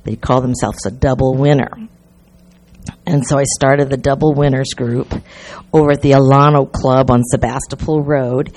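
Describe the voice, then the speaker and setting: Low, mellow-voiced older woman telling her story. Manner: rambling, chatty, many restarts and fillers. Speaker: recovery conference speaker. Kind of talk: personal storytelling talk.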